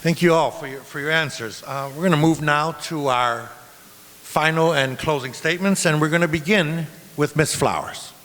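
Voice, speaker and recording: A man's voice: fairly high pitch, normal speed, fairly bright tone. A man moderating a candidates forum in brief, formal turns. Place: school auditorium. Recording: reverberant hall.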